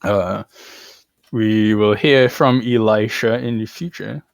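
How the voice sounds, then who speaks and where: A man's voice: fairly low pitch, fairly even intonation, takes it slowly, vocal fry, dry recording. A man casually retelling stories on a podcast, irreverent and slangy, laughing as he goes. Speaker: podcast co-host. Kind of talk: casual chat.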